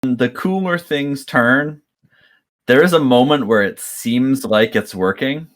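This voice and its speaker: A man's voice: medium pitch, slow. A man running a tabletop game as game master, describing the scene in a loose, rambling way with many fillers.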